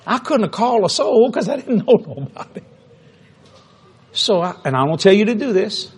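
A preacher telling a story in a sermon, animated and humorous, acting out the dialogue. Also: male voice, high-pitched, normal speed, breathy edge.

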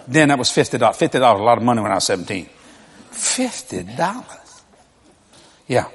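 Older preacher man, high voice bouncing all over, folksy funny stories, laughs a lot, long hall echo. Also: a little fast, long pauses, slightly rough. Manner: animated, folksy, laughing through his stories. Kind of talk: humorous storytelling sermon.

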